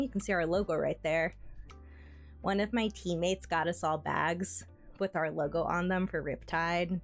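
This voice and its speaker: A woman streamer chatting casually from her home setup, cooing at her cats and chatting cheerfully with viewers. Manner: coos at her cats in a high playful voice. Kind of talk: casual livestream chat.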